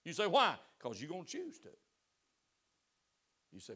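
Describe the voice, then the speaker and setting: High-voiced impassioned preacher man. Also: huge pitch swings, normal speed, husky. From United States. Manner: impassioned, swings between loud exhortation and soft pleading; asks the congregation direct questions. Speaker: pastor. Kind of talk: sermon. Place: church sanctuary.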